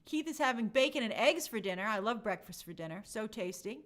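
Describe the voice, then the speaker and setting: Streamer host: woman, high, lively voice, chatty and friendly with her viewers. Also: fairly quick. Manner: chatty, reads comments aloud and answers them. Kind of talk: casual live-stream chat reading viewer comments.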